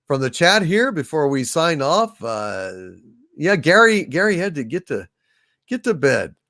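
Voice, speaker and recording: A man's voice: a little high, a bit bright, no echo, clean studio sound. A man hosting a casual livestream, reading out viewer donations and rambling with frequent "uh" fillers. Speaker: livestream host.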